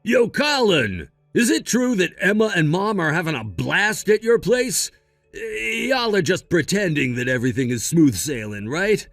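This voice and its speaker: A man's voice: high voice, very animated, unhurried, fairly bright tone, no echo, soft background music, heavily acted. A man voicing a selfish, whiny grown man who is petulant and pushy.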